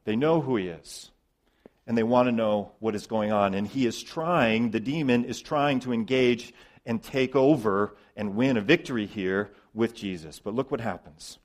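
A man preaching a sermon as pastor, emphatic, with loud stresses, quiet drops and repeated words. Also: medium pitch, normal speed.

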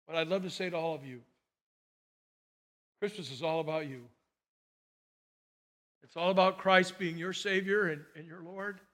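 A man preaching as a pastor, telling a story with conversational asides and swinging from loud, impassioned lines to hushed ones. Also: sits high. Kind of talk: sermon.

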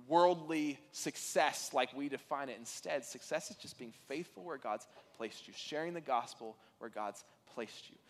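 Man preaching in a reverberant hall. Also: mid-range voice. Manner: earnest preaching with fillers and restarts. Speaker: pastor. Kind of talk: sermon.

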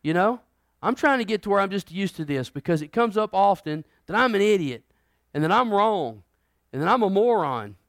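A middle-aged man preaching a conversational sermon as pastor, swinging between loud emphasis and quiet, drawn-out lines. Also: high voice, big pitch swings, no echo, clean studio sound.

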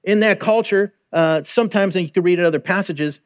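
A man's voice: sits high, a little fast. A man preaching a sermon in an earnest, conversational way, often stopping to restart a sentence.

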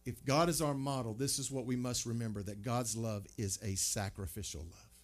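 A pastor preaching a sermon, conversational and emphatic, full of rhetorical questions. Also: male voice, medium pitch, steady tone, moderate pace.

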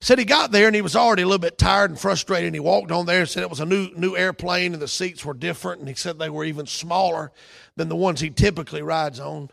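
A male pastor preaching in an impassioned sermon style. His voice sits high for a man, and it is heavily gravelly and bright. He swells into shouts for emphasis. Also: fast.

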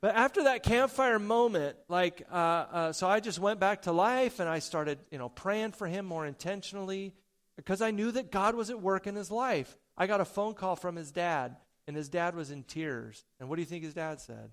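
A man preaching a sermon, telling a personal story with loud emphasis, soft asides and stammered repeats. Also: high voice, moderate pace. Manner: stammers and repeats words when excited. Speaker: pastor.

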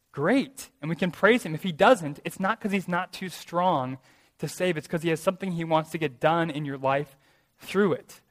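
A man's voice: fairly high pitch, big-room sound. A man preaching a sermon as pastor, earnest and emphatic, asking his listeners rhetorical questions.

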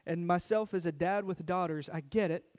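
Male pastor, high voice, animated conversational sermon storytelling. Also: normal speed.

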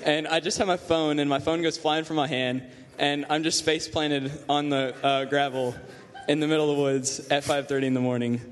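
A man's voice: fairly high pitch, little pitch movement, normal speed, few pauses, long reverb tail, slight background noise. A teenage boy casually and self-mockingly telling a group a story. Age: teens.

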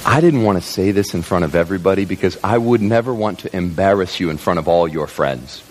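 A man's voice: a little fast, in a large hall, a little hiss or hum, natural voice, poor audio. Man putting on a pushy, coaxing disciple. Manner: coaxing, chummy, lowered voice. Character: pushy male disciple pulling his teacher aside.

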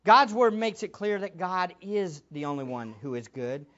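A man's voice: sits high, big pitch swings, moderate pace, a bit bright, dull audio. A man preaching a sermon as a pastor, emphatic, with much repetition for stress.

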